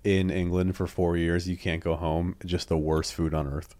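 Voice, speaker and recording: A man's voice: low voice, level tone, normal speed, warm tone, no echo. A man co-hosting a comedy podcast, teasing and cutting in with jokes. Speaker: podcast co-host. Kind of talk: casual comedic banter.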